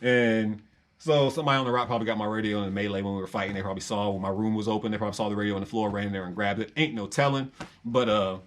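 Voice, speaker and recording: A man telling a prison story in a casual, animated way, acting out other voices and laughing often. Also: lowish voice, racing.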